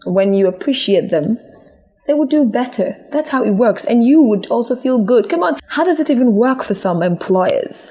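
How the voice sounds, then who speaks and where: A young woman hosting a podcast, talking in an earnest, encouraging way with lively swings in her voice. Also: on the high side. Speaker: podcast host. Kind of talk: casual monologue.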